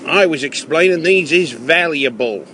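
A man's voice: a little high, lively intonation, normal speed, bright, forceful tone, slight background noise, voice pushed up. A man putting on a stubborn, confused old man. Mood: puzzled.

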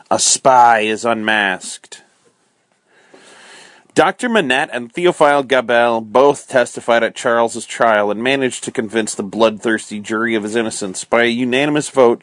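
Calm man reading a bedtime story. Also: mid-range voice, no echo. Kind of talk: storybook read-aloud.

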